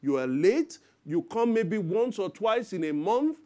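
A man in his thirties preaches a lively sermon as pastor, acting out parents and children in quoted voices. He speaks unhurriedly, his voice sitting high.

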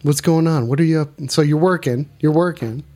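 A man hosting a call-in stream, talking in loud casual banter, cursing and repeating catchphrases. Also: fairly high pitch, fairly quick. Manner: hyped, repeats catchphrases, curses, shouts. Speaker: streamer taking calls.

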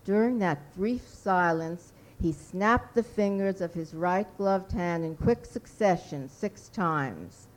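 A woman reading her own fiction aloud at a writers' workshop, measured and deliberate. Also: on the low side, poor audio.

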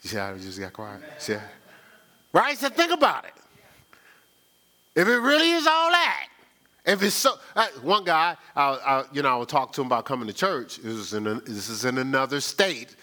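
A man's voice: fairly high pitch, big pitch swings, moderate pace, bright, forceful tone. A male pastor preaching a sermon in a colloquial, conversational way, often asking the crowd "right?". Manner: call-and-response, asks "right?".

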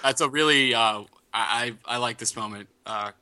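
A man's voice: medium pitch, normal speed, sharp tone. A man co-hosting a casual TV recap chat, retelling scenes in a rambling way with many fillers and restarts.

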